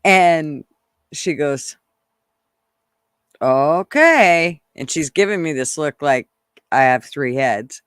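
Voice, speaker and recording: A woman hosting a casual livestream, chatting excitedly and laughing often as she reads viewers' comments. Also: deep voice, slow pace, clear, resonant tone, no echo, clean studio sound. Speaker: channel host reading live chat.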